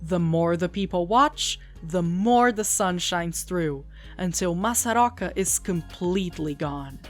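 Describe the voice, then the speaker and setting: A woman hosting a video essay channel, reading scripted narration in a playful, animated way. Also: on the low side, measured pace, faint music behind.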